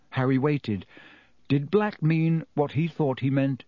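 A man reading a novel aloud as an audiobook narrator in a measured, steady storytelling manner. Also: fairly high pitch, no echo. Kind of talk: scripted narration.

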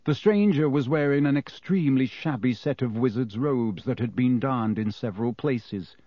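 A man reading an audiobook in an expressive storytelling manner on a close studio mic. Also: mid-range voice, moderate pace, dry recording. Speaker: audiobook narrator. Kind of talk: scripted narration.

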